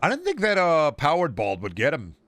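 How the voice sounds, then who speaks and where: A man's voice: fairly high pitch, wildly swooping pitch, fairly quick. A man streaming himself playing a game, rambling and joking sarcastically, swearing now and then. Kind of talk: casual gameplay commentary. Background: loud game music.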